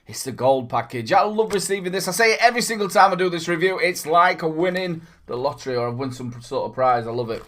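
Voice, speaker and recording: A man's voice: on the high side, lively intonation, quick pace, few pauses, fairly bright tone. A man hosting a casual review vlog. He talks in a chatty, upbeat, rambling way and adds playful asides. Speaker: vape reviewer and channel host.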